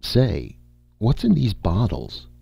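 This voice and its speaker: A man voicing a huge, boastful male giant with a booming, bellowing voice, reading an audiobook. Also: wildly swooping pitch, takes it slowly, gravelly, warm tone, breathy edge, no room sound, soft background music, full character voice. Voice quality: booming roar. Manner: bellowing, scoffing.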